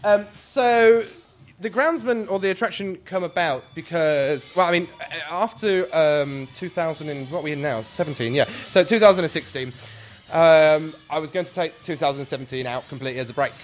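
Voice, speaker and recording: The creator of a scare attraction answers interview questions, rambling with many ums and restarts. His voice is a little high and moves at a moderate pace, with faint music in the background.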